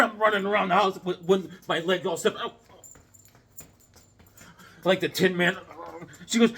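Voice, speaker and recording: At a moderate pace with long pauses, a middle-aged collector speaks in a high, fairly bright, slightly rough voice. His casual show-and-tell vlog mixes comics with a childhood story full of fillers and restarts.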